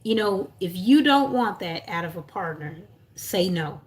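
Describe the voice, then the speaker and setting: A woman's voice: lowish voice, animated, unhurried. A young woman coaching on self-love in a casual livestream, earnest and encouraging, with lots of fillers and restarts.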